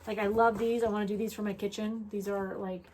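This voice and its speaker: A woman's voice: medium pitch, level tone, fast, a little mellow, slight background noise. A woman co-hosting a casual crafting chat, talking in a rambling way with restarts. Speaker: co-host.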